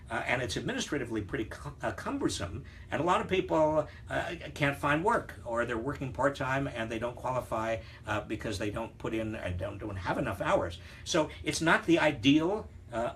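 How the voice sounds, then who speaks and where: Older man, animated, wry Q&A host. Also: mid-range voice, a little hiss or hum. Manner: conversational, halting with many fillers and restarts; wry, teasing humor. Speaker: host answering viewer questions. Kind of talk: live Q&A show.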